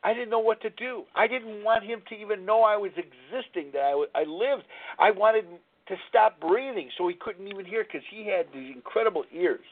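Host, man in his sixties, higher-pitched voice, candid rambling talk, tinny phone-line audio. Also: normal speed. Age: 60s. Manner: candid, rambling storytelling with frequent restarts. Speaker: radio show host. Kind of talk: live radio talk on recovery.

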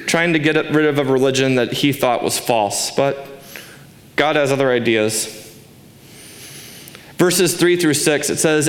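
A man's voice: fairly high pitch, a bit bright, roomy sound. A man in his forties giving a sermon as pastor, earnest and emphatic, asking rhetorical questions. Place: church sanctuary.

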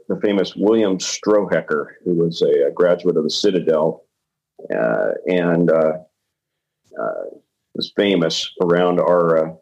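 A man's voice: deep voice, a little mellow, muffled recording. An older man and retired ER doctor talking bluntly and frankly in a casual podcast chat, with hesitant fillers.

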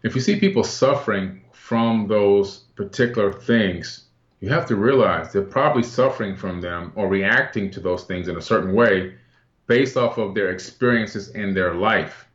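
A man as a guest in a casual chat, speaking earnestly and reflectively with some halting restarts. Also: on the low side, echoey room, dull audio.

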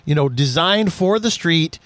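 A man's voice: on the high side, measured pace, no echo. A man hosting a radio talk show about cars, chatting casually and telling jokey stories. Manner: jokey, lively storytelling.

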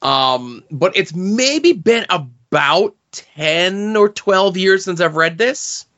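A man's voice: high-pitched, expressive, slow pace, a bit bright, muffled recording. A man co-hosting a podcast, rambling casually about rereading a comic series. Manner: rambling, with fillers and restarts. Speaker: podcast co-host. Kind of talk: casual comic-book chat.

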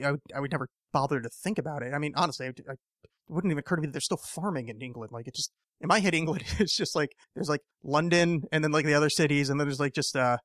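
A man's voice: fairly high pitch, a bit bright, no room sound, clean studio sound. A man hosting a casual solo podcast, rambling and swearing often, with lots of fillers and restarts. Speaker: podcast host.

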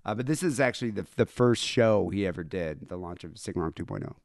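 Lively-voiced man chatting on a podcast. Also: low-pitched, fast talker. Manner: relaxed, rambling, restarts often. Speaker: podcast host. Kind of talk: casual chat.

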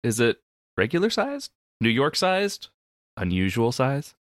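A man co-hosting a casual comedy podcast, explaining things in a loose, animated way. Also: medium pitch, measured pace, dry recording, studio quality. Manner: animated, explains with lots of "like" and restarts. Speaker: podcast co-host.

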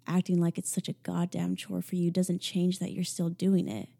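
Brief: dominant young man, low and mellow, slow taunting commands as read by a woman. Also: monotone, vocal fry.

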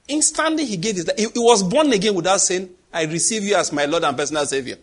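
Animated preacher, husky and high. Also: male voice, brisk. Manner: animated, dramatic, acts out voices and sound effects. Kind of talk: sermon.

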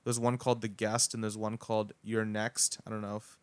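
A man's voice: lowish voice, level tone, brisk, slight background noise. A young man hosting a podcast, talking in a laid-back, casual way with lots of fillers and swearing. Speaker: podcast host. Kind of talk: casual chat.

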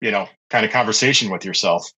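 Forceful, husky middle-aged man. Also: fairly low pitch, fast, rough recording. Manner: chatty, anecdotal, with many fillers and restarts. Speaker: podcast guest, pet care business owner. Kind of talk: casual storytelling interview.

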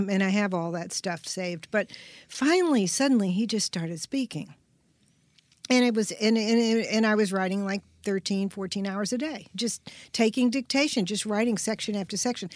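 A woman's voice: mid-range voice, normal speed, dry recording. An older woman guest talking about her writing on a podcast, reflective and rambling, often restarting her sentences. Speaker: guest author. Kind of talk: podcast interview.

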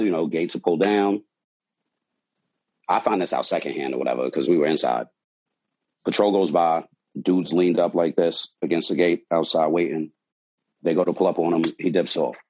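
A man's voice: deep voice, breathy edge, dull audio. A man, a bartender, telling a wild story from his shift in a casual, profane way, acting out quotes. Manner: animated, profane, acts out quotes.

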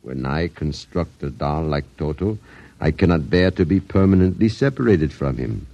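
A man playing a sly old doll maker in a 1950s radio drama, talking in a smooth, theatrical sales patter. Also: a bass voice, animated, normal speed, warm tone, no echo, exaggerated voice. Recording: muffled old radio broadcast.

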